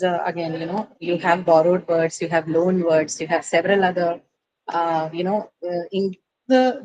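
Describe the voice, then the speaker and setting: A woman's voice: on the low side, darkish tone, low-quality recording. Patient woman teaching a class. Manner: explains step by step, frequent fillers and tag questions. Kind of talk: classroom lecture on word stress.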